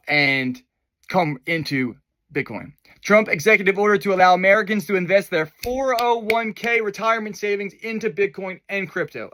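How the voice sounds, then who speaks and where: A young man with a high, bright voice talks through the week's news in a loose, enthusiastic way, full of fillers and asides. The sound is close and dry, with no room around it. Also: no echo. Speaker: host of a crypto news video. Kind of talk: casual news commentary.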